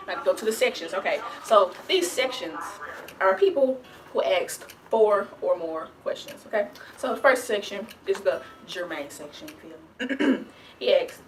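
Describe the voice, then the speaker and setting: A woman's voice: mid-range voice, expressive, unhurried, fairly bright tone, a little hiss or hum. A young woman from the American South answering viewer questions in a chatty, rambling vlog, full of restarts and "like". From Southern United States. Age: young adult. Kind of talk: casual Q&A vlog.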